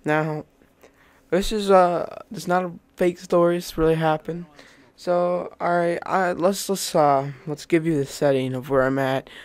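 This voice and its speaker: Excitable young man rambling through a story. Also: a little high. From Indiana, US. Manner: rambling, excitable, restarts often. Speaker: YouTuber. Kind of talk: casual storytelling.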